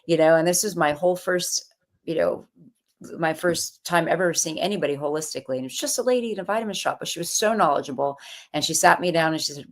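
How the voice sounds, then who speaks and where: A woman with a notably low voice tells her own story in a relaxed interview. She talks in an animated way, slipping into quoted voices as she recounts what people said to her. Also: fast talker. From California. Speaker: guest, author.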